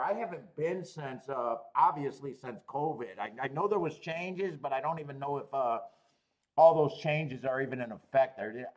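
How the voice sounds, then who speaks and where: Swearing, animated live-stream host. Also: male voice, on the high side. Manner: swears freely, rambling, laughs often. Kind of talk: casual chat reading live chat.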